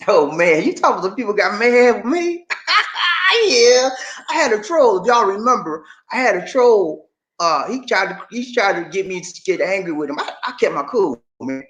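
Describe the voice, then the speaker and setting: Animated older man, echoey room. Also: high-pitched, normal speed, lo-fi sound. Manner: animated, preachy, repeats phrases to rally listeners. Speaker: channel host. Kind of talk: motivational live stream talk.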